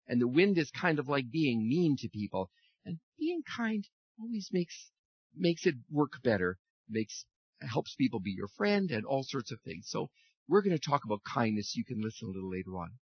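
Brief: friendly pastor doing a children's sermon, lively pitch, a bit husky, dull dry sound. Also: male voice, normal speed, no room sound. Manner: animated, friendly, speaks to children. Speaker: pastor leading a children's message. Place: church.

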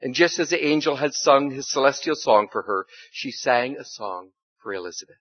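A man's voice: mid-range voice, expressive, moderate pace, breathy edge, no room sound. Man reading a story with expression. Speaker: storyteller in a church service. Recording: slightly dull, dry recording.

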